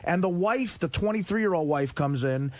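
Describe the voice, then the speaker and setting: A man on a radio show, rambling and animated as he tells a story, swearing freely. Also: sits high, normal speed. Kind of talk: studio banter, storytelling.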